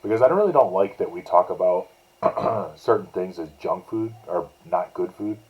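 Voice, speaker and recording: Man, very low voice, podcast co-host, dry one-liners, lo-fi remote sound. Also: lively intonation, moderate pace, crowd noise. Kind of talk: casual chat. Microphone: remote call mic.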